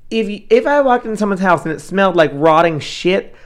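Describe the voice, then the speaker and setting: A man's voice: sits high, expressive, a little fast. A man co-hosting a casual true-crime chat, talking loosely with many fillers and asides. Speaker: podcast co-host.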